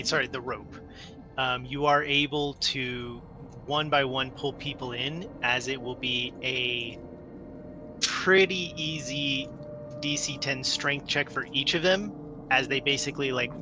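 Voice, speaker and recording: A man narrating a tabletop game as its game master, easing through rule explanations with little restarts. He sits at a middle pitch. Clear music plays behind him. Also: a little slow. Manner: relaxed, explaining rules with small restarts.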